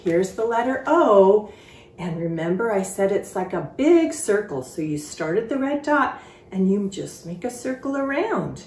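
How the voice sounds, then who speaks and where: A woman leads a children's phonics lesson with an unhurried pace and a lively, sing-song pitch. She speaks clearly and encouragingly, drawing out each sound. Her voice carries some room echo, heard from a little way off the mic. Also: far from the mic. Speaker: phonics teacher. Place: sitting on a stool in a room.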